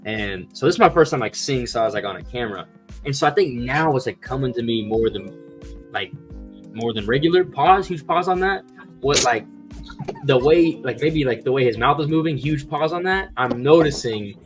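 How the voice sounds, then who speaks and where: A man's voice: medium pitch, expressive, normal speed. A man co-hosts a podcast in a loose, rambling way, full of filler words. Faint music plays in the background. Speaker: podcast co-host. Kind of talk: casual podcast chat.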